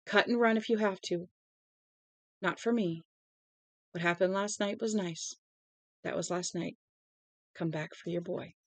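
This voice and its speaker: A woman reading the quiet, even lines of a frank, worried woman. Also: lowish voice, unhurried, pauses often, dry recording. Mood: quiet, earnest.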